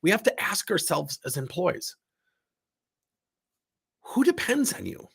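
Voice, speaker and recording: Sick, gravelly-voiced man coaching. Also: sits high, measured pace. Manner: emphatic, candid, animated. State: sick, voice strained. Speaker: business coach. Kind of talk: recorded workshop talk. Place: seated indoors.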